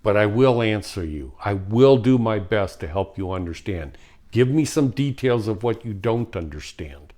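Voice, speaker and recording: A man giving an earnest spiritual talk, slow and heartfelt, acting out quoted voices along the way. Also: fairly low pitch, lively intonation, darkish tone. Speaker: spiritual teacher.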